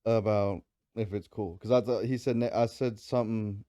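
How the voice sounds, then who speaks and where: A man's voice: on the low side, fairly even intonation, moderate pace, mellow, no room sound, clean studio sound. A man guesting on a casual podcast, trading jokes and profane stories in a laid-back way. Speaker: podcast guest, co-host of another podcast.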